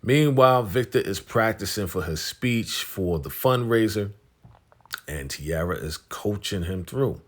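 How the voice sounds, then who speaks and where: A TV recap host with a lowish voice, animated and a little slow, chats through a casual episode recap. He retells scenes in slangy language and paraphrases what the characters say.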